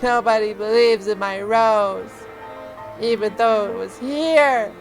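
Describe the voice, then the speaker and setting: A man voicing a strange, stubborn little girl who whimpers "uu, uu" between halting words. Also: sits high, gravelly, soft background music, voice pushed up, full character voice. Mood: whimpering. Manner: repeats a whiny "uu, uu" sound; very slow, halting delivery. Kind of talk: reading a visual novel aloud.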